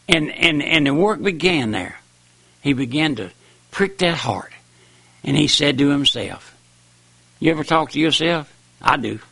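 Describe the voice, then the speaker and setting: An older man preaches in a rambling, folksy way, his voice swelling and dropping for emphasis. His tone is gravelly with a forceful edge, sitting a little high for a man. The sound is dry and close. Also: no echo. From raised on a farm. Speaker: preacher on radio. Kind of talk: sermon.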